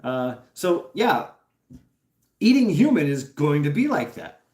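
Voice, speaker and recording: A man with a fairly high but darkish voice hosts a laid-back livestream, reading the live chat and rambling with laughs, curses, and filler words. He's very animated yet speaks slowly, and the room has an echoey sound.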